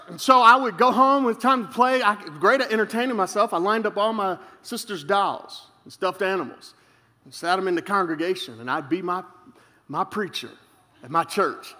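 A man preaching as pastor, telling humorous stories in an animated way. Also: sits high. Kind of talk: sermon. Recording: reverberant hall.

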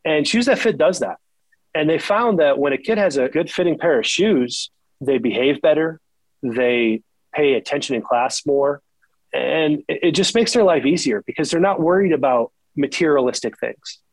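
A man's voice: on the high side, moderate pace, dry recording, low-quality recording. A man who works as a shoe salesperson, speaking in an earnest, heartfelt way and repeating words when he is moved. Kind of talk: emotional conversational interview.

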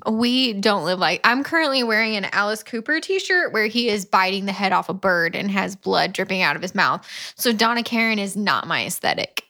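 A woman co-hosting a podcast, throwing in quick dry remarks in casual chat. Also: mid-range voice, lively intonation, sharp tone. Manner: dry, quick asides and reactions. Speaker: podcast co-host. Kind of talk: casual book-review chat.

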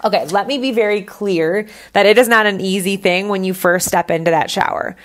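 Young adult woman, solo podcast host, chatty and unfiltered, everyday mid-pitched voice. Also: a little fast. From Colorado, United States. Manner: chatty, candid, frequent "like" fillers. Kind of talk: casual solo podcast talk. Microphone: podcast microphone.

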